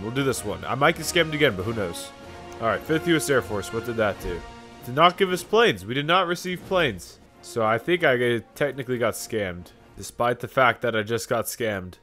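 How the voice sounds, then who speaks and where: A young man commentating his own strategy game in a casual, joking way, often breaking into sudden shouts. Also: mid-range voice. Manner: excitable, jokey, sudden shouts. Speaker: gaming YouTuber. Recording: faint music behind.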